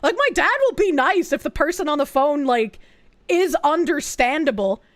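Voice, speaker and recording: A woman's voice: sits high, expressive, normal speed. A young woman streaming, chatting casually with her viewers in a rambling, profane way, with lots of fillers and frequent giggles. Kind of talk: casual livestream chat.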